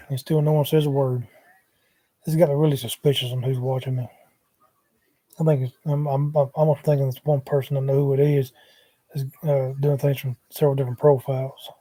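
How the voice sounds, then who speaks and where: A man's voice: mid-range voice, little pitch movement, fairly quick, dark tone, dry recording. A man, rambling casually on a livestream from his couch at home, talking into a laptop microphone in a drawling, wandering way with muttered asides.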